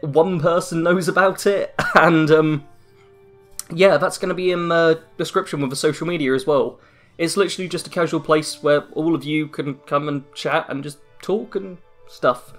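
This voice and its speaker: A man's voice: on the high side, fairly bright tone. A young man hosting a casual end-of-year channel update from a dim room at home, rambling with self-mocking jokes. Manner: rambling, self-deprecating, jokey asides. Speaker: YouTube channel host. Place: dim room at home after a work shift.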